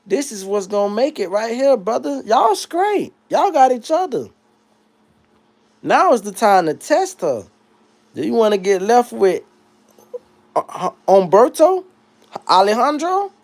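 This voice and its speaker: With big pitch swings at a normal speed, a streamer reads chat and riffs through a casual, comedic rant. He bounces from loud, high bursts down to low mutters.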